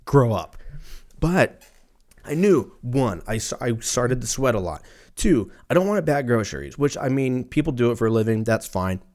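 A man's voice: medium pitch, sing-song, moderate pace, a little mellow. A man, telling a rambling comic story in a casual, profane way, often breaking off mid-sentence. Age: 30s. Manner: profane, rambling, self-interrupting.

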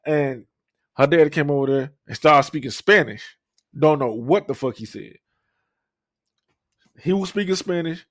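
A man's voice: on the high side, unhurried, long pauses, dry recording, clean studio sound. A young man, telling a profane, rambling story on a podcast with lots of fillers and restarts. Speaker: podcast co-host. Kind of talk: casual storytelling.

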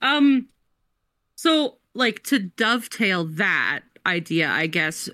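A woman's voice: mid-range voice, very animated, slow, bright, forceful tone, no room sound, clean studio sound. A woman co-hosting a casual podcast, chatty and full of fillers as she explains game lore. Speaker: podcast co-host and game master.

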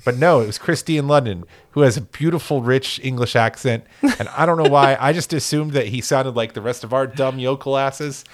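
A man's voice: medium pitch, brisk, few pauses. A man co-hosting a casual sports podcast, rambling and joking with lots of fillers and restarts. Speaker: podcast co-host.

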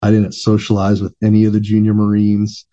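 A man's voice: on the low side, completely flat delivery, fairly quick, mellow, lo-fi sound. A man, a veteran podcast guest, telling long profane anecdotes in a laid-back, rambling way. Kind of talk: casual storytelling.

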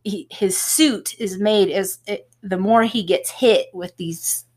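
A woman's voice: medium pitch, slow, darkish tone. A woman, a home health nurse, co-hosting a casual podcast and explaining at length with small laughs.

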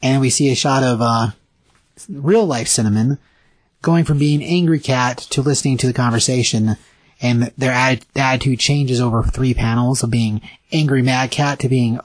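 Male co-host, casual comic recap, husky and dry, animated. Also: mid-range voice, no echo. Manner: animated, acts out comic dialogue in quick voices.

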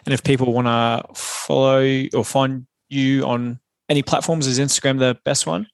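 A man hosting a podcast, talking in a relaxed way, often stumbling over and repeating words. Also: mid-range voice, moderate pace, vocal fry, no room sound. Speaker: podcast host. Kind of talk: casual interview chat.

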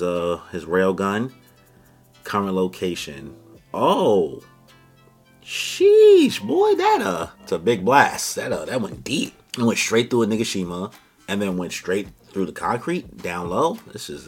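A man with a low, slightly husky voice talks through a comic chapter in a loose, casual way. He drops slang and bursts into exclamations as he reacts. Soft music plays quietly behind him in a small home recording space. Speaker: manga chapter reviewer, channel host. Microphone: camera setup at home.

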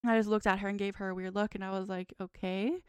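Casting note: twenties woman, podcast co-host, rambling storyteller, resonant clean voice, mid pitch. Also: little pitch movement, quick pace, smooth, dry recording. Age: 20s. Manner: rambling, frequent "like" fillers. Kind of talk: casual chat, reading a dream journal.

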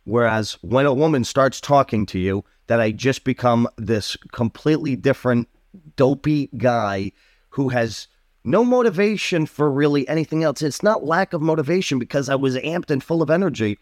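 Guy co-hosting a podcast, average pitch, dry close mic, reassuring and thoughtful. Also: expressive, moderate pace, dry recording. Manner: supportive, reflective. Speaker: podcast co-host. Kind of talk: casual chat.

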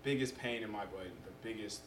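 A young man in casual conversation as a podcast guest, telling stories in an animated way and acting out what people said. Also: lowish voice, a little fast. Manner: animated storyteller who acts out quotes. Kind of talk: casual chat. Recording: roomy echo.

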